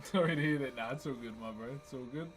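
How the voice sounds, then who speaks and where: A young man with a New Zealand accent, hosting a relaxed livestream and greeting viewers by name while he carves wood. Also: medium pitch, quick pace, soft background music, rough recording. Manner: laid-back, greets chat viewers by name. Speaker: livestream host. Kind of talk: casual livestream chat while wood carving.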